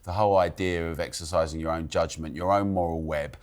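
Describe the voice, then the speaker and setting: A man's voice: low voice, fairly even intonation, fairly quick. A man making a long, articulate argument as a panel guest. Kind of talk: opinionated panel talk.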